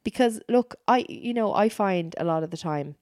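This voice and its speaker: A woman's voice: medium pitch, animated, normal speed, darkish tone, dry recording, clean studio sound. A woman co-hosting a podcast in casual, emphatic chat, often repeating herself for stress. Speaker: podcast co-host.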